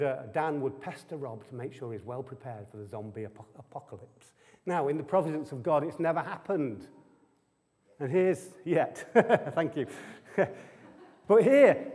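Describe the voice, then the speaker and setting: A man's voice: on the high side, moderate pace, a little mellow. A man preaching a sermon to a live audience, chatty and full of rhetorical questions and humorous asides. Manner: conversational, keeps asking the audience rhetorical questions. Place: church hall with an audience. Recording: long hall reverb.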